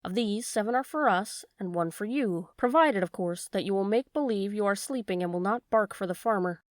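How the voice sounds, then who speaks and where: A woman's voice: mid-range voice, brisk, no echo, clean studio sound, lightly acted. Sly sweet-voiced weasel, as a woman reads her. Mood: coaxing. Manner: sweet, coaxing. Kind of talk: storybook reading.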